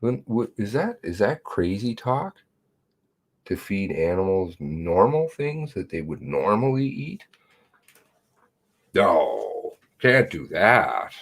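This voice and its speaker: Man, deep voice, slow, livestream host, rambling, reads comments aloud. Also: very animated, vocal fry, breathy edge. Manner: meandering, reads viewer comments and emails aloud; blunt, swears casually. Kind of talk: rambling live chat.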